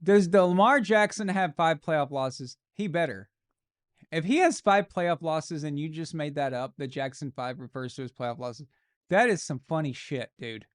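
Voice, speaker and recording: A man hosting a live stream, reacting to a football game with jokes and excited, casual commentary. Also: on the high side, moderate pace. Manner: joking, excitable, swears casually. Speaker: livestream host.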